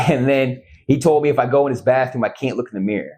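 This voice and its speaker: A man's voice: medium pitch, brisk, a little mellow, breathy edge. Rambling, foul-mouthed man from Illinois. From Central Illinois. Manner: rambling and profane, often asks "you know what I mean". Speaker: guest musician. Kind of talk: casual storytelling in a podcast interview.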